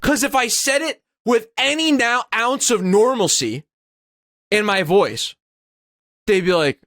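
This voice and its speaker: A man co-hosting a comedy podcast, ranting with heavy profanity and lurching between flat grumbles and shrill mocking voices. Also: measured pace, no room sound, clean studio sound. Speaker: podcast co-host. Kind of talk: casual comedic rant.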